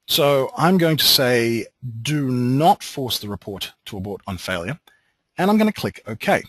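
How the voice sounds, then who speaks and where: An Australian man leading a software training webinar, explaining steps with relaxed joking asides. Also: mid-range voice, measured pace, no echo, poor audio.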